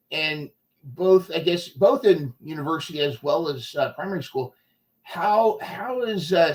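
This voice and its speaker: A man hosts a podcast in a voice that sits somewhat high for a man. He comes across as eager. He keeps breaking off and restarting his sentences. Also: low-quality recording. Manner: eager, with many stammering restarts. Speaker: podcast host. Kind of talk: casual podcast interview.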